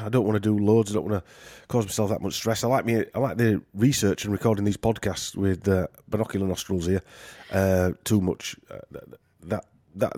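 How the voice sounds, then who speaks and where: A man with a Yorkshire accent, rambling through a casual podcast chat. His voice sits a little low, and it is recorded close and dry with no room sound. He jokes around and leans on fillers and restarts. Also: mellow, no echo. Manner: rambling, joking, many fillers. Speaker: podcast host.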